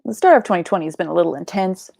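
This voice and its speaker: A woman's voice: lowish voice, animated, very fast, gravelly, darkish tone, no echo, studio quality. A young woman hosting a live book club stream, chatting casually and rambling, sleepy and yawning, with offhand swearing.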